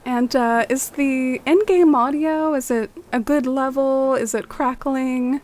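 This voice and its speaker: A woman's voice: sits high, slow, a little mellow, slight background noise. A young woman streaming a game, chatting in a friendly way with viewers and musing aloud. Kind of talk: casual chat with viewers.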